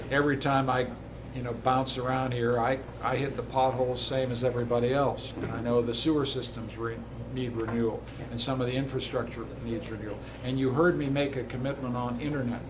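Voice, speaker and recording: A man and politician giving a rousing campaign speech and answering questions, stacking emphatic lists that build to loud peaks. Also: medium pitch, background noise.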